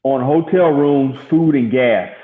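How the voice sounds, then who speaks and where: A middle-aged man from Gary, Indiana, a former baseball pitcher, telling stories in a casual interview and acting out quotes. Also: takes it slowly. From Gary, Indiana, USA. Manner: animated storyteller acting out quotes. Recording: echoey, tinny phone-like sound.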